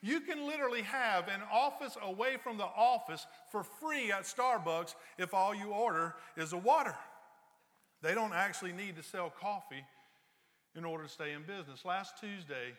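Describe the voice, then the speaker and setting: A man with a high, bright, forceful voice preaches in a church, slipping into playful sarcasm as he spins everyday stories. His words ring out with a long reverb from the sanctuary around him. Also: animated, moderate pace. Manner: joking storyteller, playful sarcasm. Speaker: pastor. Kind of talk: conversational sermon.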